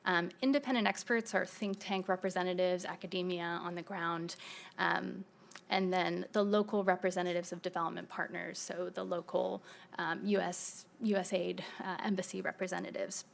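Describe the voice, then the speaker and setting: Woman presenter at a conference podium, gravelly and casual, with fillers. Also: on the low side, steady tone, moderate pace. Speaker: panel presenter. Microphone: podium mic.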